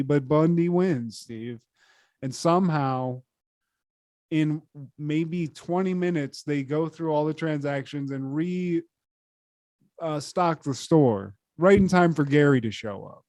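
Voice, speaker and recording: A man co-hosting a podcast, retelling a sitcom episode in a profane, animated, casual way. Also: a little slow, no room sound, studio quality. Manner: profane, animated retelling, trails off low when addressing his co-host. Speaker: podcast co-host.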